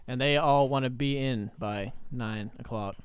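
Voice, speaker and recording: A man's voice: medium pitch, unhurried, clean tone. A young man co-hosting a podcast, talking casually with blunt, dry humor. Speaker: podcast co-host, band member. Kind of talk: casual chat. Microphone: podcast mic.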